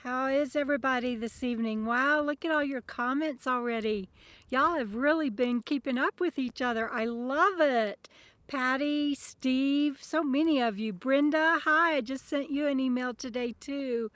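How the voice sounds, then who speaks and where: A woman's voice: high-pitched, normal speed, fairly bright tone, no room sound. A woman chatting casually on an outdoor livestream, greeting viewers by name and often trailing off with ums. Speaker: livestream host. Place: outdoors at a campsite. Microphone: phone camera at arm's length.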